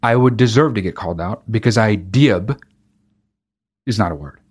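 A man's voice: on the low side, moderate pace, darkish tone, slightly rough. A man hosting a podcast, talking alone in a casual monologue, ranting with emphatic profanity and frequent restarts. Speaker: podcast host.

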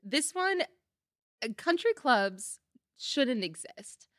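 A woman's voice: high-pitched, sing-song, fairly bright tone, dry recording. A woman guest in a podcast studio, chatting casually and laughing often. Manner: giggly, quick to laugh. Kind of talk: casual chat.

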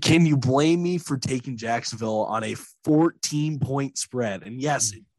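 A man's voice: medium pitch, measured pace, a little mellow, no echo. A man co-hosting a sports podcast, chatting casually and joking in banter. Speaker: podcast co-host. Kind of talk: casual chat.

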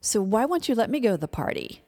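A woman voicing a pushy, manipulative teenage girl, talking in a quick, insistent, whiny way, with long hall reverb. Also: fairly high pitch, sing-song, dark tone. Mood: demanding.

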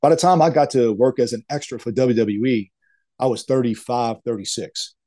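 Mellow man telling wrestling stories. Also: mid-range voice, moderate pace, no echo. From Louisiana. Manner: rambling, animated storyteller, says man and dude. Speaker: retired wrestler, guest. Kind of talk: interview storytelling.

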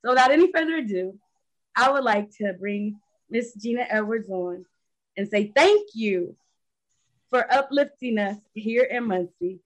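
A woman's voice: on the high side, lively intonation, measured pace, rough recording. A woman hosting a show, giving a heartfelt, building introduction of her guest. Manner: emotional, building, preacherly cadence. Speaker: host.

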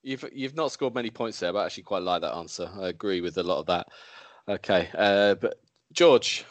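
A man hosting a casual podcast chat, animated and full of restarts. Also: low-pitched, fairly quick, dry recording. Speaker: podcast host.

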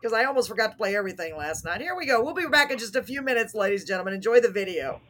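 A woman hosting a casual live talk show, bubbly and quick to laugh. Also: mid-range voice, very animated, a bit bright. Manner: bubbly, laughs easily, apologetic.

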